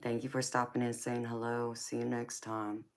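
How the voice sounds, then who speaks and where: A woman from Georgia with a Southern accent, hosting a live tarot stream and chatting warmly with viewers, calling them honey and baby and laughing often. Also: extremely low pitch, completely flat delivery. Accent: Southern American. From Georgia, United States. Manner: slow, unhurried, laughs often.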